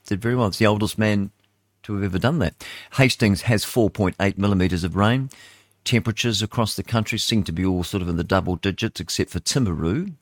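A New Zealand man hosts a morning radio show in a low, fairly deep voice. He rambles through weather reports with fillers and side remarks. The studio sound is close and dry. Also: brisk, no room sound. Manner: rambling, chatty, asides and fillers. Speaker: radio host. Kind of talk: casual radio chat reading weather.

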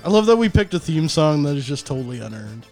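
A man's voice: fairly high pitch, sing-song, fast talker, darkish tone, soft background music. A man co-hosting a podcast, cracking crude jokes in casual banter. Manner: crude, wisecracking. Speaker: podcast co-host.

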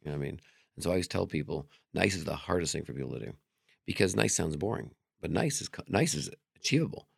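A comedian and magician, appearing as an interview guest, rushes through anecdotes in a deep, gravelly voice at a quick clip. He chats candidly and swears freely, an animated storyteller who puts on the voices of people he quotes. The clean studio sound has no echo.

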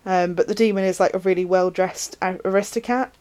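Chatty woman discussing films. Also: mid-range voice. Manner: animated, chatty, quick asides. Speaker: podcast co-host. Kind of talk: casual film discussion.

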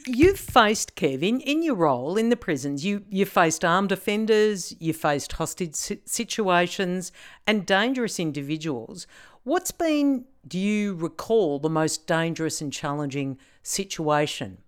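A woman's voice: on the low side, expressive, measured pace, clear, resonant tone. A woman hosting an interview, asking earnest, careful questions with small restarts. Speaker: interviewer and host.

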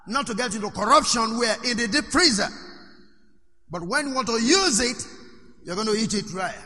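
A male preacher with a high, very bright and ringing voice. He keeps asking his congregation questions and prompting them to answer. His voice carries a long reverb from a church hall. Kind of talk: sermon.

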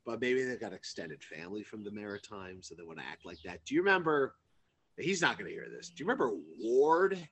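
A man with a husky, bright voice whose pitch swings widely as he reacts and laughs through a casual conversation. He jumps in eagerly with stories of his own. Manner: animated, quick to laugh and react. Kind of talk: casual chat.

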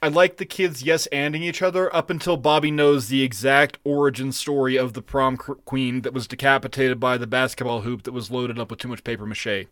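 A man co-hosting a podcast, chatting casually about a cartoon, animated and profane with frequent laughs. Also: mid-range voice, brisk, hardly any pauses, no echo, studio quality. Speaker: podcast co-host. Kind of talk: casual chat reviewing a cartoon episode.

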